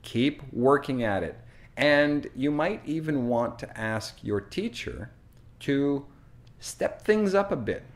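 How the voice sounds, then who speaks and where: A Canadian man with a Canadian accent, teaching English in a deliberate, chatty way with frequent fillers. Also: mid-range voice, animated. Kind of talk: slow, clear teaching monologue.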